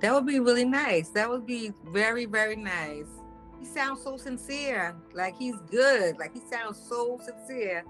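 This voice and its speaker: A woman's voice: fairly high pitch, animated, unhurried, fairly bright tone, soft background music. A woman casually telling her own story in a conversational, hesitant, doubtful way.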